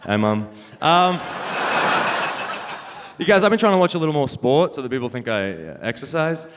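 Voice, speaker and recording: A young man does a stand-up set on a club stage, punchy and wry, laughing at his own jokes. His mid-range voice is very animated at a moderate pace, with a self-mocking delivery. The live venue adds reverb and faint noise.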